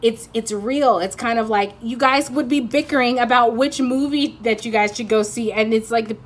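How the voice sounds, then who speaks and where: A woman's voice: on the high side, normal speed. A woman giving a casual intuitive card reading, rambling and chatty with lots of fillers and frequent laughs. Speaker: tarot reader.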